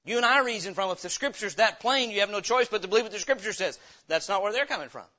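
Bright, high-voiced preaching man. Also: lively intonation, fast, lo-fi sound. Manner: emphatic preaching with rhetorical questions to the congregation. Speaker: pastor. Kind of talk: sermon, Bible teaching.

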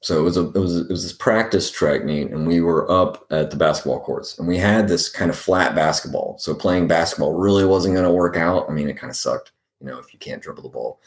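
A man telling personal stories in a casual, rambling way, halting often and repeating words as he searches for them, with wry self-deprecating humor. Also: low voice. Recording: roomy echo.

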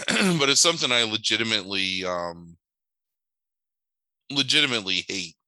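A man talks in casual chat, animated and loose, swearing now and then. His pitch swings widely and his tone is bright and forceful. The sound is dry and close. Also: moderate pace, no echo, low-quality recording. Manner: animated storyteller, swears casually, acts out voices.

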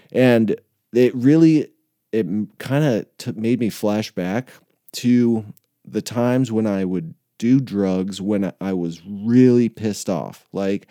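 A man's voice: on the low side, dark tone, dry recording, clean studio sound. A young man in recovery ranting casually, swearing a lot and laughing often as he rambles. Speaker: person in addiction recovery.

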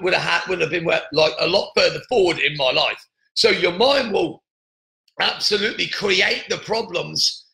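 A man's voice: high voice, vocal fry, pushed and bright, reverberant, rough recording. A man hosting a motivational podcast, talking earnestly with lots of repeats and restarts. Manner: earnest, repetitive, many restarts. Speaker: podcast host.

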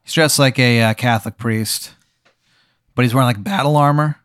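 A young man narrates an improvised comedy tabletop game as game master. He rambles, with frequent fillers and restarts. His voice sits at a middle pitch and is recorded dry and close. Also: moderate pace, fairly bright tone, smooth, dry recording.

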